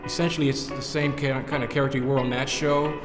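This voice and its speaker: An actor playing a tactless, condescending casting director. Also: male voice, medium pitch, little pitch movement, fast talker, in a large hall, music in the background, natural voice.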